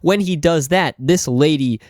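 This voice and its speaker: A man's voice: fairly high pitch, unhurried, a little mellow, no echo, studio quality. A man casually narrating a viewer's story in a chatty way, with lots of asides and fillers.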